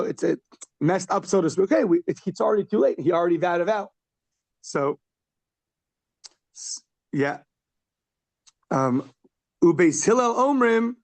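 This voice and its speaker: High-voiced man teaching Talmud, dry sound. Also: no room sound. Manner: conversational, quotes Aramaic then explains in casual English; animated questioning with short laughs. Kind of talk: daily Talmud class. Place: class held in person and over a video call.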